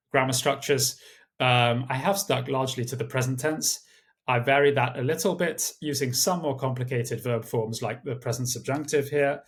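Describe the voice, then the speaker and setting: Measured man tutoring with frequent fillers. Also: medium pitch. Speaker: language tutor. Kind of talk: screen-share exam tutorial.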